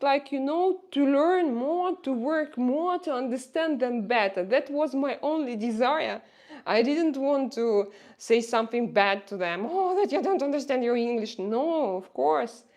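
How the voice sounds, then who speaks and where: Russian accent woman livestreaming, slightly high voice, reads comments out, lots of uh and um. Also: darkish tone. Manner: chatty, talks straight to viewers, halting with many fillers. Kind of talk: live stream chat, reading viewer comments.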